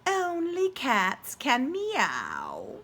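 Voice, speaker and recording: Snooty storybook cat, read by a woman, higher, slow, firm scolding. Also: wildly swooping pitch, a bit bright, breathy edge, exaggerated voice.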